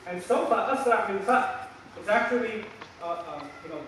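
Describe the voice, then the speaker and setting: A man giving a religious lecture in a large mosque hall, animated, acting out scolding lines and repeating points for emphasis. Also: sits high, racing, slight background noise. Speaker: lecturer on scripture. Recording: echoey hall recording from a distance.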